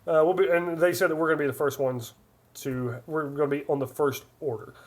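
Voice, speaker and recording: A man's voice: a little high, steady tone, a little fast. A man in his forties hosting a live stream, chatting casually and reading viewer comments aloud in a rambling way. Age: 40s. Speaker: livestream host.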